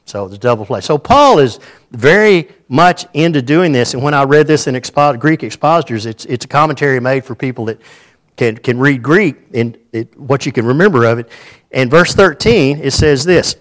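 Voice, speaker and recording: A man's voice: mid-range voice, lively intonation. Folksy preacher, older man. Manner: folksy, joking asides and quick asides to the congregation. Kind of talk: sermon.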